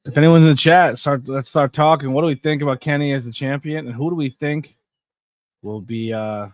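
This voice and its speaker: A man's voice: mid-range voice, fairly quick, no room sound, clean studio sound. A tired, yawning man hosting a casual watch-along stream, chatting to viewers in the chat. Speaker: podcast host.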